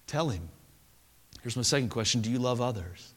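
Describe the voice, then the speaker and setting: A man preaching a sermon to a congregation in a church, telling a story earnestly and dropping to a soft voice for emphasis. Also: medium pitch, lively intonation, moderate pace, long pauses. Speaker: pastor. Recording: long hall reverb.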